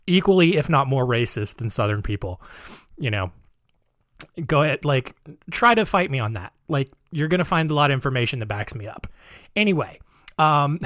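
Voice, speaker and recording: A man's voice: mid-range voice, no echo. Male podcast host, casual narration, sarcastic, dry close-mic sound. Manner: chatty, sarcastic asides.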